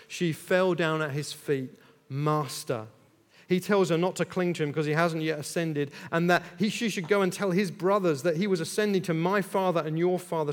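A man, telling a Bible story in first person as a disciple, chatty and jokey with lots of asides. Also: high-pitched. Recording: long echo of a large hall.

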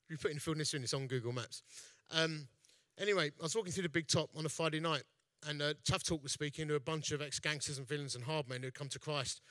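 Here a fairly high-pitched man talks fast with barely a pause, his tone sharp and the sound free of echo. He's an evangelist and festival founder from East London, preaching through jokey, chatty, self-deprecating stories.

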